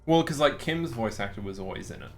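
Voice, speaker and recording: A man's voice: mid-range voice, lively intonation, fast, faint music behind. An easygoing man with an Australian accent who laughs often, chatting casually while streaming a game. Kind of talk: casual chat while gaming.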